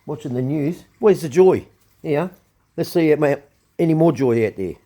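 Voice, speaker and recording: Hosting his own show, an Australian man rants angrily and bluntly, cursing heavily and going over the same points again and again. His slightly high voice is mellow, with lively intonation and a moderate pace.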